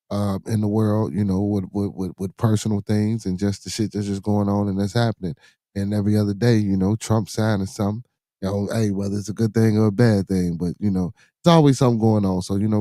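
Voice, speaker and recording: Speaking with a fairly low, dark voice and a Chicago accent, a middle-aged man runs his solo live-stream podcast in easygoing street slang, repeating himself and saying "you know what I'm saying" nonstop. He greets chat viewers, and the studio-quality audio has no echo.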